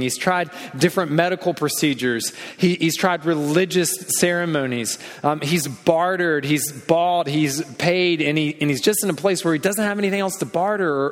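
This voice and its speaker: A man in his thirties preaches a sermon from the pulpit. His voice sits a little high and carries a long hall reverb. He tells stories with animation, then drops low and quiet to drive a point home. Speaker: pastor.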